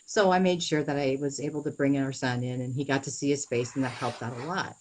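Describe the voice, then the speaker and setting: A young adult woman with a notably low voice speaks in an interview. She tells her own story earnestly and haltingly, often pausing, restarting and filling gaps with "you know". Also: fairly even intonation, a little mellow, rough recording.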